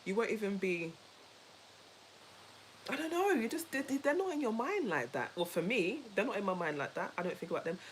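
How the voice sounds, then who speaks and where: A woman co-hosting a casual chat, telling a story in an animated, emphatic way, repeating herself and laughing easily. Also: mid-range voice, brisk, slight background noise, poor audio. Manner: laughs easily while talking. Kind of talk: casual chat with a co-host and viewers.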